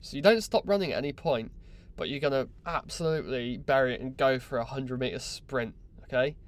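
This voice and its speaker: A man hosting a solo podcast, chatty, excitable and self-mocking, recorded in a crew cabin on board a yacht. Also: mid-range voice, brisk. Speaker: podcast host.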